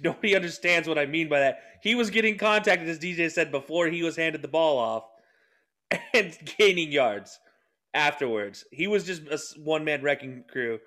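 A man co-hosting a casual sports podcast, talking quickly with sarcastic asides and laughs. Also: on the high side, sharp tone. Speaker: podcast co-host.

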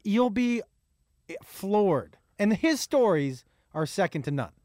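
Animated man with a lively storytelling voice. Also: high-pitched, slow, no echo, studio quality. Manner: animated storyteller, swears freely. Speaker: comedian guest. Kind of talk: casual podcast chat, telling stories.

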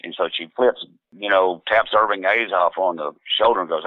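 Deep-voiced man on a phone line. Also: steady tone, a little fast, no echo. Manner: rambling, laid-back, many fillers and restarts, quotes others in voices. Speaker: musician guest. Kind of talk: casual anecdotal storytelling.

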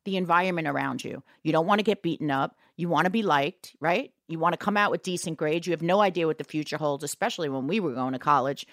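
A woman's voice: low voice, fast talker, hardly any pauses, no echo, clean studio sound. A middle-aged woman, a singer talking frankly and reflectively as a podcast guest. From New York, USA. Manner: frank and reflective, plain-spoken. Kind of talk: candid podcast conversation.

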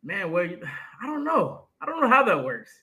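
Casting: male co-host, somewhat high, bright tone, relaxed chatty sports talk. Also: moderate pace, rough recording. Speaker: podcast co-host. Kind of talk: casual sports podcast chat.

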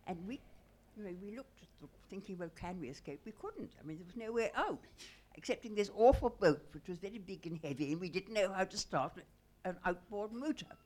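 A woman's voice: mid-range voice, animated, a little fast, a little mellow. A woman telling a personal anecdote at a live salon, wry, understated and self-mocking. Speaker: storyteller guest.

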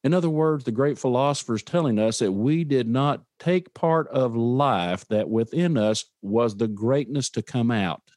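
A man's voice: medium pitch, animated, moderate pace, hardly any pauses, a little mellow, dry recording, studio quality. A man giving an earnest, emphatic motivational talk and repeating his key words for effect. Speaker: motivational speaker.

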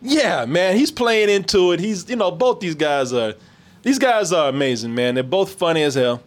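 A man hosting a casual reaction chat in a high, lively voice that swoops up and down. He laughs often and swears freely as he talks it through. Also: moderate pace. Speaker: podcast host.

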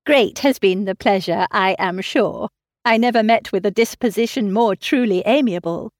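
A woman voicing a lively, self-assured young lady, bright and animated in tone. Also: mid-range voice, normal speed, no echo, studio quality, close to an everyday voice. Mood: gracious. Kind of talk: audiobook character reading.

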